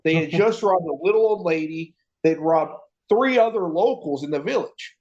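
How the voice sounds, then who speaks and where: Man telling a profane, animated story. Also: a little high, moderate pace, highs cut off. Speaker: podcast co-host. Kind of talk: casual storytelling chat.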